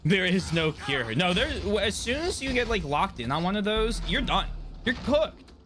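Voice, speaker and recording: A man's voice: high-pitched, big pitch swings, moderate pace, a crowd in the background. A man chatting casually on a live game stream, joking, swearing and laughing often. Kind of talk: casual live-stream chat while gaming.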